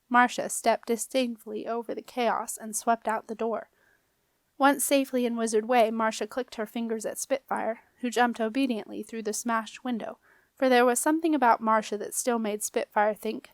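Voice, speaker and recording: A woman narrating a children's fantasy audiobook in a clear, expressive manner. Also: on the high side, normal speed, no room sound. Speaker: audiobook reader. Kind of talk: storybook narration.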